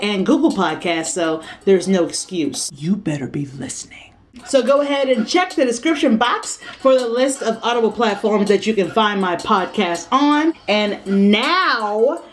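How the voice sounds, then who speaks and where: A young woman chatting casually on her vlog, brash and playful, swearing freely and laughing often. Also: on the high side. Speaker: vlogger.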